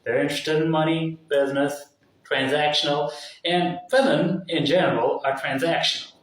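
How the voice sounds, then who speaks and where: A man talks at length in a loose, meandering way, cursing freely and circling back on his points. His voice sits at an ordinary pitch. He sounds set back from the mic, in a strongly echoing room. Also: fairly even intonation, normal speed, a bit bright. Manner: casual, profane, full of fillers and asides. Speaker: vlogger. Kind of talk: rambling opinion monologue. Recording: very echoey room, mic at a distance.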